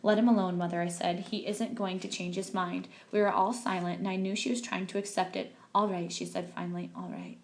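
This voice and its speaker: A woman's voice: medium pitch, fairly even intonation, a little fast, hardly any pauses, darkish tone. A woman reading a novel aloud in a plain, unpolished way, with small slips and restarts. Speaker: reader.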